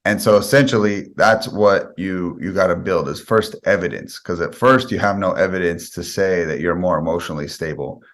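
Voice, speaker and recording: Guest spot: a deep-voiced man, earnest and conversational, who lays out his ideas one example at a time. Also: moderate pace, hardly any pauses, a bit bright. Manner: explains with step-by-step examples. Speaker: guest sales expert. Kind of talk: podcast interview answers.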